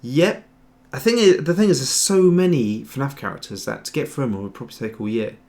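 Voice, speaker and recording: A man's voice: medium pitch, fairly quick, a little mellow. A man hosting a casual livestream tutorial, rambling and chatty as he answers viewer chat while he works. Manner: rambling, chatty, trails off and restarts. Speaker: host, 3D sculptor.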